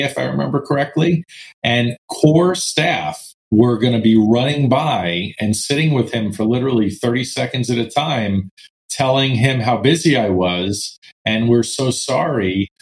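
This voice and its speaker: Male guest, business owner, relaxed storyteller. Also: mid-range voice, low-quality recording. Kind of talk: casual interview chat.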